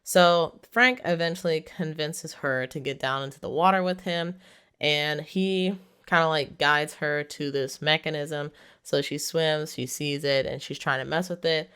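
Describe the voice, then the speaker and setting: Low-pitched with fairly even intonation, her voice is measured, fairly bright and clean. As a movie reviewer, she casually summarizes a plot, chatting with plenty of "like" and laughing while she retells it.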